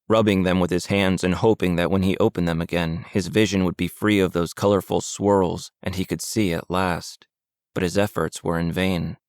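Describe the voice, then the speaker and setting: A man narrating an audiobook in a steady, measured storytelling voice. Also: deep voice, smooth, dry recording, studio quality. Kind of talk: scripted narration.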